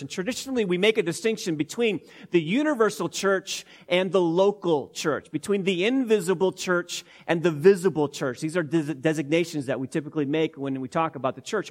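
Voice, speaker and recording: A male pastor delivers a verse-by-verse sermon, leaning hard on single words and repeating phrases for weight. His voice sits a little higher than most men's. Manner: emphatic, word-by-word teaching with repetitions. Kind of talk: expository sermon.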